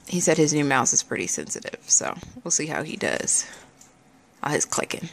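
A woman's voice: low voice, big pitch swings, moderate pace, gravelly, slight background noise. A woman chatting casually for a home vlog, laughing often. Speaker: vlogger. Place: family home.

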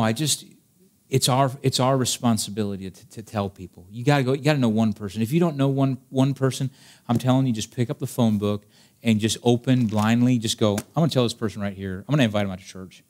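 A man's voice: medium pitch, darkish tone. A male pastor preaching a sermon to his congregation, emphatic and direct, full of rhetorical questions. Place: church service before a congregation.

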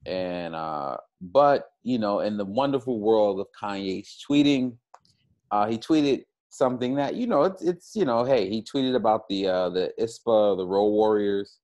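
A man's voice: lowish voice, expressive, a little slow, darkish tone. A man co-hosting a podcast, talking in loose casual chat that rambles and leans on "you know" fillers. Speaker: podcast co-host.

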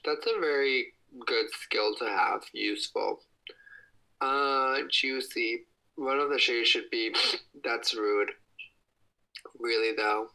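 Holding his phone out at arm's length, a young man chats on a livestream from his home kitchen, gushing with excitement and slipping into high-pitched squeals. The recording quality is low.

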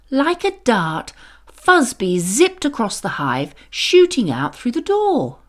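A woman narrating a children's bedtime story, gentle, expressive and soothing. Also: mid-range voice.

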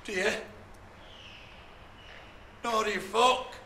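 Young man, distraught and sweary, high bright voice, roomy room sound;. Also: fairly even intonation, slow, full character voice. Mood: anguished. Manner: sweary, pleading and shouting in distress. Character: heartbroken young man raging at his friends. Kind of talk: television drama acting. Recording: roomy with background noise.

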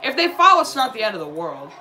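A young man streaming a live reaction to a basketball game, excitable and prone to yelling at the plays, then apologizing. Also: sits high, quick pace. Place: home room, dog nearby.

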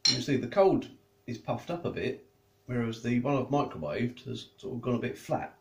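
A man's voice: medium pitch, expressive, normal speed. A man chatting casually as he reviews food, tasting and eating while he talks. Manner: chatty, tastes and eats while talking. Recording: echoey room.

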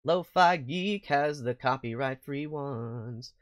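A young American man chatting playfully while streaming a game, prone to excited squeals. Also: mid-range voice, takes it slowly. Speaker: VTuber streamer. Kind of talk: casual gaming stream chat.

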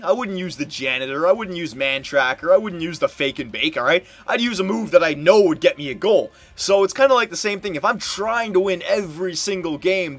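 A young man giving casual commentary while playing a hockey video game, muttering one moment and yelling in frustration the next. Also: on the high side. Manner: excitable, swings from muttering to loud outbursts. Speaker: gameplay commentator.

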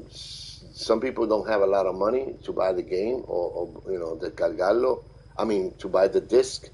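A man live streaming, reading viewer comments aloud and thanking them in a halting, friendly way. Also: on the low side, darkish tone, breathy edge, rough recording. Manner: halting, with many fillers and restarts. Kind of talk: casual live-stream chat.

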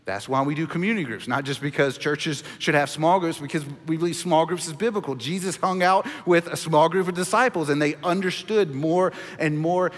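A man in his thirties preaching a sermon as pastor, earnest, dropping to a hush on key points. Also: fairly high pitch, a little fast, few pauses, big-room sound.

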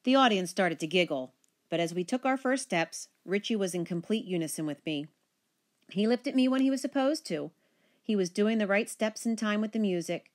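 A woman teacher reading a children's picture book aloud, with expressive, animated storytelling. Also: mid-range voice, moderate pace.

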